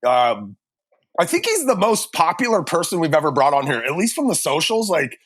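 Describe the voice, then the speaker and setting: A man's voice: fairly high pitch, wildly swooping pitch, normal speed, a bit bright, breathy edge, no echo. A man co-hosting a podcast, speaking in an emotional, hesitant way. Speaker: podcast co-host. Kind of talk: podcast interview.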